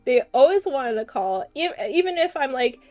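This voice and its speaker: A woman's voice: high-pitched, very animated, moderate pace, darkish tone, soft background music. A woman co-hosting a podcast, telling a story in casual chat, often laughing, swearing and restarting her sentences. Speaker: podcast co-host.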